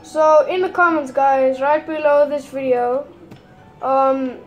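A woman's voice: high voice, fairly even intonation, slow, highs cut off, faint music behind. A woman using a put-on Irish accent, giving rambling, hesitant gameplay commentary full of fillers. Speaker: gamer.

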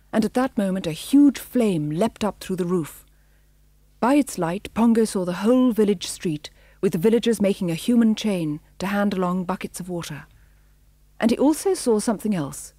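A woman narrating a children's storybook audiobook with a measured, expressive reading. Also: on the low side, no room sound.

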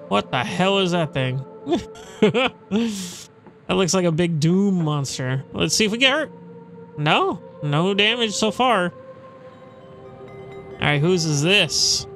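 Laid-back man, high bright voice. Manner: laid-back, jokey, swears casually. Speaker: let's play host. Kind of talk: casual gameplay commentary.

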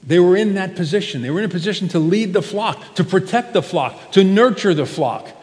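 A pastor preaching a sermon, his voice rising loud and falling quiet for emphasis. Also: high-pitched, fairly quick. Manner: expressive preaching, swells loud then drops soft. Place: church sanctuary. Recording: church hall with long reverb.

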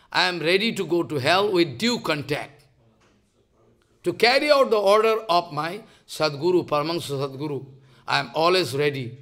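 Bengali-accented male preacher, high gravelly voice, impassioned sermon. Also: a bit bright. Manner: impassioned, halting, acts out quoted dialogue. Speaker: spiritual teacher. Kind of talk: devotional sermon.

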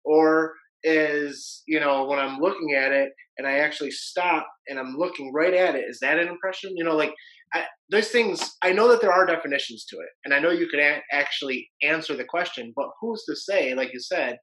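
Male podcast host, bright forceful tone, chatty and thinking out loud. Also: a little high, normal speed, rough recording. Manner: conversational, musing aloud. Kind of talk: casual interview.

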